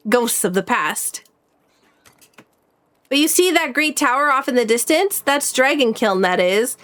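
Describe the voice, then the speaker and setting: A woman reading aloud the lines of an old male blacksmith in a video game, dropping her voice lower for him. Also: fairly bright tone.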